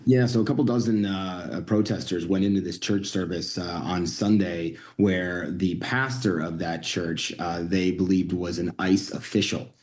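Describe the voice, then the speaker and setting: A man reporting the news in a measured way, often pausing on fillers. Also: sits low, steady tone, darkish tone.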